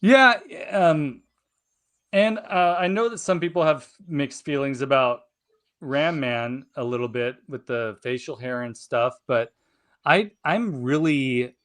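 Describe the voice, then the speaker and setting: A man co-hosting a podcast in casual chat, excitable, laughing often and repeating words. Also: mid-range voice, slow pace. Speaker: podcast co-host.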